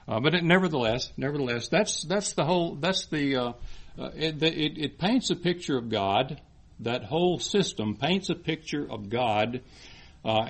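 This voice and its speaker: A man delivering a sermon with an earnest, explanatory manner. He circles back over his phrases and rises in force when he quotes scripture. His voice sits at an ordinary middle pitch. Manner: earnest, repeats and restarts phrases, rising emphasis on scripture. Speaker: preacher.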